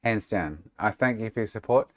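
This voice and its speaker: A man's voice: fairly low pitch, lively intonation, a little fast, heavy background noise. An Australian man chatting casually and sarcastically with viewers on a live stream, swearing freely. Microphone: desk microphone.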